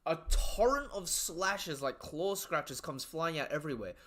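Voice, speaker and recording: Excitable young guy with a bright voice. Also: fairly high pitch, measured pace. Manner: excitable, slangy, profane, trailing off into asides. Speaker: live reaction streamer. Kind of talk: casual live reaction commentary.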